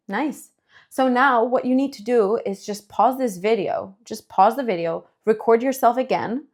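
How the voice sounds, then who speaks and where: A woman from Spain with a Spanish accent, teaching English pronunciation, stretching words out slowly to model them. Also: mid-range voice. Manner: slow drawn-out modeling of words, then quick explanations. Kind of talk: bilingual language lesson.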